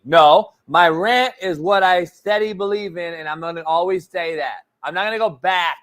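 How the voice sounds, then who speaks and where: A man's voice: high-pitched, moderate pace, hardly any pauses, fairly bright tone. A man hosting a sports talk show, arguing bluntly and with profanity, repeating himself to take the floor. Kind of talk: heated sports debate.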